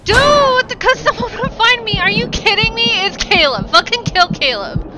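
A woman playing a video game with friends, protesting loudly and defensively in casual chat. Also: extremely high pitch, animated, normal speed, very noisy. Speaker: game player.

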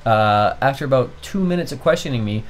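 A young adult man, moderate in pitch, spins a rambling story for his co-host during a relaxed game playthrough. He swears freely and tells it in an easygoing way. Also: a little fast. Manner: animated anecdote-teller, swearing freely. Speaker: let's play co-host. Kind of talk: casual storytelling over gameplay.

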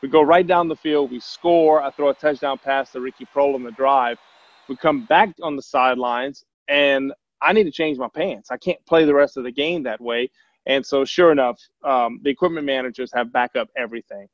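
A man, a former quarterback, telling a long story in a relaxed, rambling way with plenty of fillers. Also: mid-range voice, moderate pace. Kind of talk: casual anecdote telling. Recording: dull lo-fi, dry sound.

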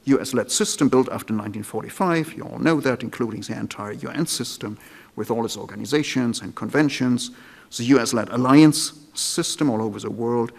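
A man delivering a formal public lecture, measured and deliberate, sometimes restarting a phrase. He speaks in a lecture hall. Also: mid-range voice, vocal fry.

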